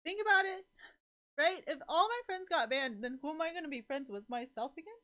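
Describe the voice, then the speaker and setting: A young woman talks casually to her stream viewers in a slightly high voice. She rambles, emotional and profane, leaning on fillers as she goes. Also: lively intonation, a little fast, pushed and bright. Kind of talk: casual livestream chat.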